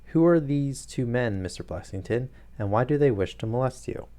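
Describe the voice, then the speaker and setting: A man voicing a sharp, cool-headed detective who lays out his reasoning crisply. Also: mid-range voice, expressive, normal speed, voice pushed up, natural voice. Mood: curt.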